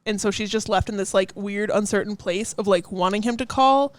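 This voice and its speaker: A woman's voice: medium pitch, no echo. Giggly woman podcaster, dry close mic. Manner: giggly, rambling, quick asides. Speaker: podcast co-host. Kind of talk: casual chat.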